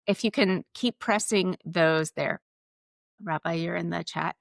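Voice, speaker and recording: A woman's voice: fairly low pitch, unhurried, vocal fry, no echo. A woman hosting a live interview show, introducing her guest and asking questions in earnest, thoughtful phrases. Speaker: podcast host.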